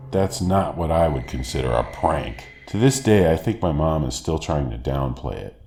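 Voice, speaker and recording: A man narrating a true scary story from a script in a steady, wry storytelling manner. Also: a bass voice, vocal fry. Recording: echoey room with faint hiss.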